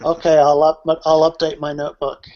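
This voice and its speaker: A man's voice: on the high side, completely flat delivery, brisk. A man in a casual group chat, talking hesitantly with many fillers. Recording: dull lo-fi stream audio.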